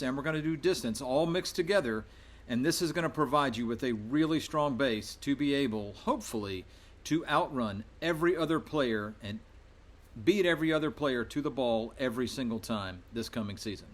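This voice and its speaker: A man's voice: mid-range voice, brisk. A man speaking as a middle school soccer coach, giving a firm, emphatic welcome talk to his players.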